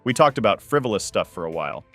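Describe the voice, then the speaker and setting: A man tells a first-person family drama in a steady, matter-of-fact manner, his voice sitting on the low side. Faint music plays quietly behind the narration. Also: fast talker.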